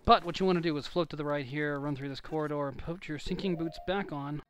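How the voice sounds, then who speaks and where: A man's voice: a little high, fast. A young man giving casual, rambling, joking commentary over a game playthrough. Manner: rambling, joking, self-deprecating. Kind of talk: casual let's-play commentary. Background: video game music.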